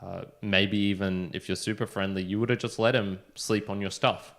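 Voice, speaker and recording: A young man with a fairly low voice, telling a story in a relaxed podcast chat. He rambles with plenty of fillers and slips into quoted voices for the people in it. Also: normal speed. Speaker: podcast co-host.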